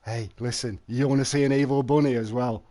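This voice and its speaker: A man's voice: mid-range voice, fairly even intonation, a little fast, background noise. A man streaming a fishing game live, chatting and joking with his viewers and answering their messages.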